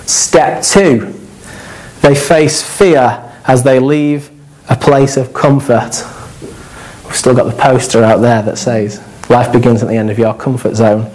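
A man delivers a sermon in a relaxed, conversational way. He is animated and jokes with the listeners as he goes. His voice sits at an ordinary middle pitch for a man. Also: measured pace, low-quality recording. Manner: conversational, animated, with laughs and asides. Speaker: preacher.

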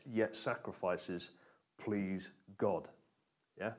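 A pastor preaches to his congregation with energy, pressing them for answers and leaning hard on repeated phrases. His voice sits at an ordinary middle pitch for a man. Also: normal speed. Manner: energetic, call-and-response with congregation, emphatic repetition. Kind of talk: sermon.

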